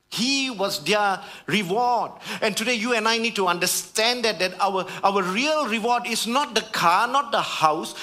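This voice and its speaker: A man preaching a sermon with a high, bright voice. He is fervent and calls out to his congregation, dropping his voice low and then lifting it for emphasis. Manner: fervent, swings from hushed to raised emphasis. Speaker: pastor.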